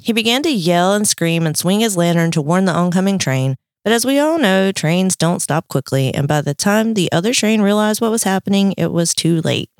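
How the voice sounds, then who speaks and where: Lower-voiced woman telling a legend. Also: animated, fairly quick, hardly any pauses, no room sound, studio quality. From North Carolina. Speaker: podcast host, storyteller. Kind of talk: casual chat, telling a legend.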